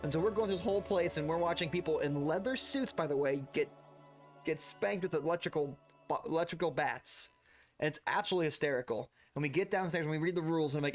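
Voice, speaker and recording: A man's voice: fairly high pitch, fast, soft background music. A man chatting casually while streaming a video game, laughing often and rambling into asides. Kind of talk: casual gameplay chat.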